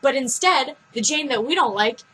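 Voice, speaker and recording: Blunt high-voiced teen girl. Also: lively intonation, moderate pace, a bit bright, breathy edge, rough recording. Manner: blunt, rambling storytelling. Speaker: vlog co-host. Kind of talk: casual chat.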